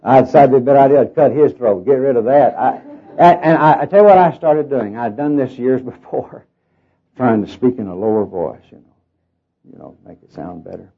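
Nasal Southern preacher on dull tape. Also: male voice, medium pitch, expressive, brisk, breathy edge. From Oklahoma, raised in Arkansas. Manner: folksy storytelling with fillers and self-deprecating humor. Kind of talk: sermon.

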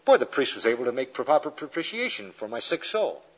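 Animated preacher man, husky lo-fi tape. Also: mid-range voice, brisk. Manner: animated storyteller acting out quoted characters. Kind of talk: lecture-style sermon with illustrations.

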